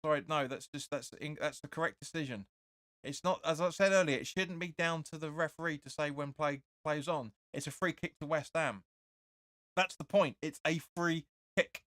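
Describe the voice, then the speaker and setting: A man hosting a fan watch-along, giving live match commentary and reading viewer comments. He is excitable and opinionated, and keeps insisting "sorry, but no.". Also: fairly high pitch, moderate pace, no echo, studio quality.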